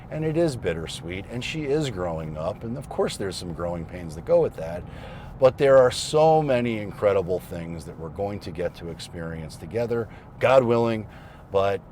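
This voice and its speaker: A man in his thirties, a vlogger, telling a family story casually and reflectively, with fillers and pauses. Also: lowish voice, darkish tone, a little hiss or hum.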